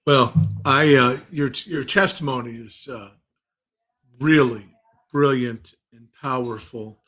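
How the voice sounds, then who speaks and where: A man hosting a podcast, speaking in a slow, halting way with many fillers. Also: medium pitch, pushed and bright. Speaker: podcast host. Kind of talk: interview conversation.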